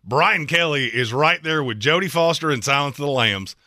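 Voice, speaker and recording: A man co-hosting a sports talk show, debating coaches in an emphatic, opinionated way with quick jokes. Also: a little high, lively intonation, sharp tone, no room sound, clean studio sound. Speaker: sports podcast co-host.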